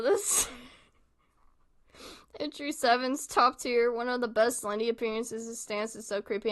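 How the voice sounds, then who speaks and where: A woman's voice: on the high side, a bit bright. A woman hosting a live stream, chatting casually, giggling and apologizing a lot as she comments on videos. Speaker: stream host.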